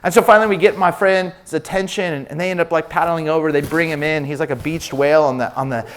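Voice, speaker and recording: A man preaching a sermon, telling personal stories in an animated way and acting out the people he quotes. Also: fairly high pitch, quick pace. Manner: animated storyteller, acts out quoted voices. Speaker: pastor.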